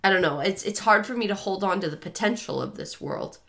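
A woman's voice: medium pitch, lively intonation, a little fast, gravelly, fairly bright tone. A woman co-hosting a podcast, talking through a book in a rambling, self-correcting way. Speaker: podcast co-host. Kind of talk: casual book discussion.

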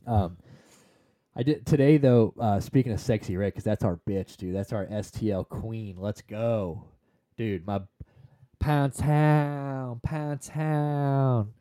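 A man co-hosting a podcast in casual chat, rambling and swearing freely with excited tangents. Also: lowish voice, measured pace, dry recording, studio quality. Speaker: podcast co-host.

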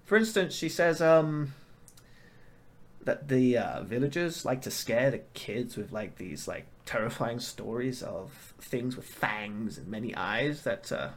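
A man's voice: mid-range voice, lively intonation, unhurried. Hesitant man running a tabletop game. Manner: casual, hesitant, many fillers, laughing. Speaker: game master.

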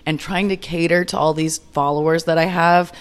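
A young woman hosts her own podcast solo, chatting upbeat and rambling with fillers and restarts. Her low voice is smooth and steady in tone, at normal speed.

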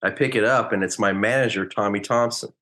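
A middle-aged man tells stories as an interview guest, relaxed and anecdotal, acting out the quotes he recalls. His voice sits somewhat low. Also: fairly quick. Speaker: guest, former pro baseball player. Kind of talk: casual interview storytelling.

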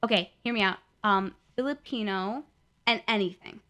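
A woman's voice: mid-range voice, normal speed, a bit bright, lo-fi sound. A woman from the Midwest co-hosting a podcast, chatting and teasing with lots of "like". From Midwest US, Milwaukee. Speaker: podcast co-host. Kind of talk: casual podcast chat.

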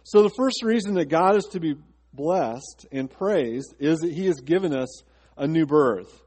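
A man's voice: on the high side, animated, unhurried, darkish tone, slightly rough, in a large hall. A man pastor preaching a sermon to his congregation, asking rhetorical questions and slipping into a chatty personal story. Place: church sanctuary.

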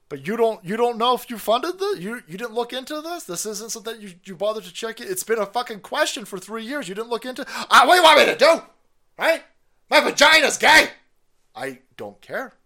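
A man's voice: high voice, a bit bright. A man hosting a stream, ranting in angry, swearing, mocking commentary on a played clip. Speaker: stream host.

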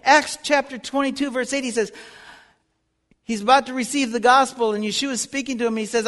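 Speaking a little fast in a very high-pitched, slightly bright voice with a steady tone, a man delivers a sermon-style Bible lesson. His earnest teaching rises to fervent appeals, echoing with a hall's long reverb.

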